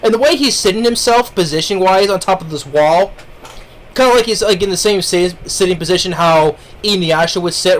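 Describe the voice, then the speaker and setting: A man's voice: on the high side, a little hiss or hum. A man giving a casual spoken review of an anime, rambling along with lots of fillers and restarts. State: eating while talking.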